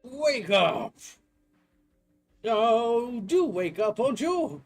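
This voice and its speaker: A man voicing a fussy, genteel old-fashioned male professor with a put-on posh accent, talking high and chirpy. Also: sing-song, normal speed, soft background music.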